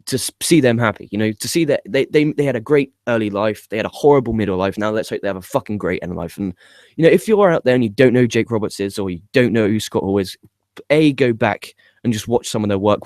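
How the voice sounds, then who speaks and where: A young man with an excitable manner, swearing often, stumbling and repeating words as he gives his opinions. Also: fairly low pitch, no echo, clean studio sound. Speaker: wrestling podcast host. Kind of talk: casual video commentary.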